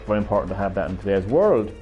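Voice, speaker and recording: A man's voice: on the low side, lively intonation, racing, phone-quality sound, faint music behind. A man live-streaming a fighting game, chatting casually, rambling and swearing freely as he plays. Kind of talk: casual gameplay commentary.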